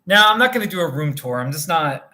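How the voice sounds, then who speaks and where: A man's voice: a little high, animated, fast, bright, forceful tone. A tired man hosting a casual livestream from a motel room, rambling as he chats with viewers by name. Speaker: livestream host reading viewer chat.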